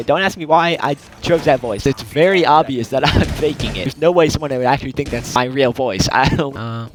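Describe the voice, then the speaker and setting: A man telling a gaming story in a lively, jokey way, laughing often. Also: mid-range voice, a little fast, few pauses, noisy background. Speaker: gaming YouTuber. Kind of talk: storytime narration over gameplay.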